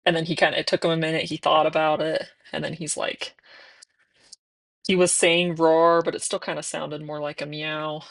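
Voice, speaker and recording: A young adult woman chatting casually while doing her nails, now and then slipping into soft whispers. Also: deep voice, level tone, moderate pace, vocal fry. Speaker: nail vlogger.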